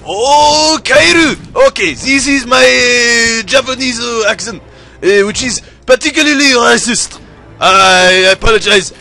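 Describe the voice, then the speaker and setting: Brief: young male gamer, high and bright, self-deprecating rambler. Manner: rambling, self-deprecating, putting on exaggerated accents. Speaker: gaming video host. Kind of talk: let's play commentary.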